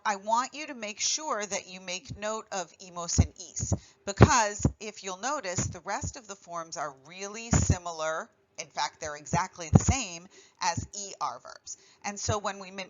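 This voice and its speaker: Teacher type: a woman walking students through verb endings, slow and deliberate on each form, slightly muffled recording. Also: lowish voice. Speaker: Spanish teacher. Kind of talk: classroom grammar lesson.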